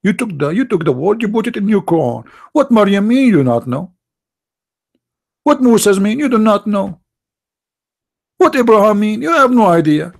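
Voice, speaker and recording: A man hosting his channel in polemical talk, slow, emphatic and scornful. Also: sits high, very animated, creaky. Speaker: channel host.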